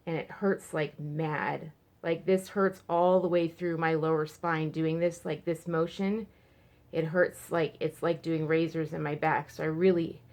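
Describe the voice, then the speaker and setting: Creaky, rambling woman vlogging at home. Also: lowish voice, darkish tone. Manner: rambling, frank, many fillers and restarts. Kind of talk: casual personal vlog. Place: at home, indoors.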